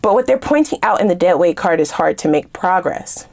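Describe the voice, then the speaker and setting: A woman giving a casual tarot reading to her viewers in an animated, sassy way, swearing freely and laughing while she rants. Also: lowish voice, fairly quick, vocal fry. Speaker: tarot reader.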